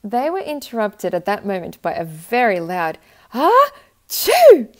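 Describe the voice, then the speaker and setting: A woman reading a children's picture book aloud with gentle, expressive narration. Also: medium pitch, normal speed. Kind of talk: storybook read-aloud.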